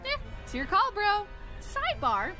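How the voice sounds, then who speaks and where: A woman's voice: extremely high pitch, wildly swooping pitch, unhurried, full character voice. A woman voicing a bubbly, flippant young elf girl in a comedy parody. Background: loud music.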